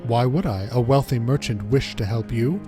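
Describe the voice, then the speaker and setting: A man's voice: medium pitch, normal speed, over music, natural voice. A man reading a formal, secretive merchant. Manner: formal, somewhat stilted read. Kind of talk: reading game dialogue aloud on stream.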